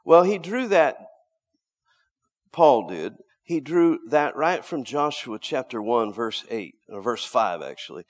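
A middle-aged man preaching a sermon, swinging between loud emphatic lines and hushed low asides, often repeating words as he restarts. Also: sing-song, slow pace.

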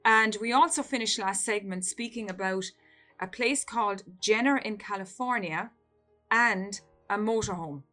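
A woman's voice: medium pitch, normal speed, pushed and bright, faint music behind. A woman hosting an interview, eagerly prompting her guest to go on. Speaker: host.

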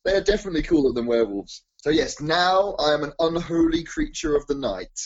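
A man with a slightly husky, fairly high voice that swings widely up and down as he jokes with a friend. He riffs playfully and builds absurd bits on the spot. The recording is dull and lo-fi. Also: huge pitch swings, fairly quick. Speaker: podcast co-host. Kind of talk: casual comedic banter.

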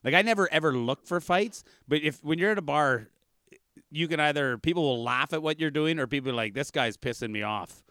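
A man's voice: on the high side, brisk, pushed and bright, clean tone, no room sound, clean studio sound. A man who is a comedian, telling rambling stories in casual chat and laughing through them, on a video call. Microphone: remote video call.

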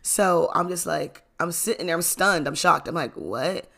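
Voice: mid-range voice, moderate pace, creaky, pushed and bright. A young adult telling a casual storytime to camera, chatty, full of fillers, often laughing and swearing. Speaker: storytime vlogger.

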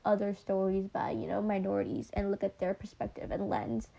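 A woman's voice: medium pitch, little pitch movement, fairly quick, creaky, hardly any pauses, dark tone. A young woman hosting a casual book podcast, talking with a slight lisp from retainers and many filler words. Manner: chatty, many ums and likes. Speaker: podcast host.

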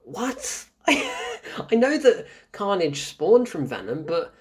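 Exasperated husky man ranting. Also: high voice, wildly swooping pitch, takes it slowly. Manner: exasperated ranting, swears often and laughs in disbelief. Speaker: film reviewer. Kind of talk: casual spoken film review.

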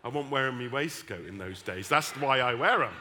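Middle-aged man, West Country accent, lively sermon, bright voice. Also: medium pitch, a little fast, slight background noise. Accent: West Country English. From West Country, England. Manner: animated, humorous storytelling with emphatic repetition. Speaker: preacher.

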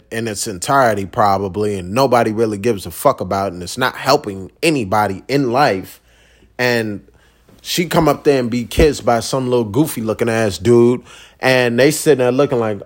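Blunt, profane man ranting on a podcast. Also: mid-range voice. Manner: blunt, profane, laid-back rambling. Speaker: podcast host. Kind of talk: casual solo podcast rant.

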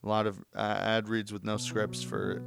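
A man's voice: on the low side, little pitch movement, normal speed, gravelly, over music. A young man alone at home, rambling and joking through a casual solo podcast. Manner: rambling, joking, self-mocking. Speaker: podcast host.

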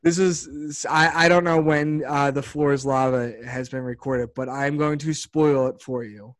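A man co-hosting a casual sports podcast, talking in an animated, rambling way and laughing often. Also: fairly high pitch, measured pace, dry recording. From Philadelphia area. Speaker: podcast co-host.

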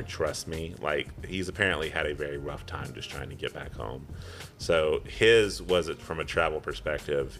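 Deep-voiced rambling podcast man. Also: a bit bright. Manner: rambling, tangent-prone, chuckling. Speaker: podcast co-host. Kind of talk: casual podcast chat.

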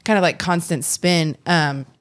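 A woman's voice: fairly low pitch, fairly even intonation, unhurried, no echo, clean studio sound. A young adult woman co-hosting a casual faith podcast, earnest and rambling with frequent restarts. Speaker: podcast co-host.

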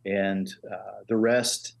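An older man, a master engraver appearing as a guest, tells stories in a relaxed chat, his fairly low, creaky voice moving extremely slowly. He's an animated storyteller who acts out the voices of the people he quotes.

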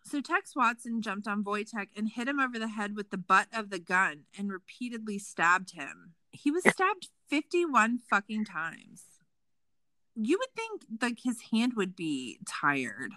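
Speaking unhurriedly in a mid-range voice, a woman runs a laid-back true crime podcast, animated and sarcastic, with plenty of swearing. The low-quality recording carries no room sound.

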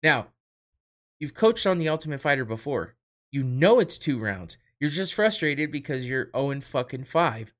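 A man's voice: medium pitch, sing-song, moderate pace, a bit bright. A man hosting a casual sports podcast, talking loosely and swearing often as he mocks a fighter. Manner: profane, laughing, mocking. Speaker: podcast host.

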